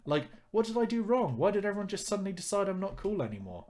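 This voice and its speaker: A sulky, hurt teenage girl, as a gruff-voiced man reads her in a barely raised pitch. She asks wounded questions in a rough, plain voice. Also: big pitch swings, fast, darkish tone, slight background noise.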